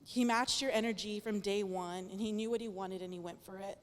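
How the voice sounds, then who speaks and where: A woman's voice: medium pitch, fairly even intonation, brisk, big-room sound. A woman in her thirties, the maid of honor, giving an emotional rehearsal dinner toast, shaky and nervous, joking and laughing through it. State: nervous and teary. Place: dinner hall.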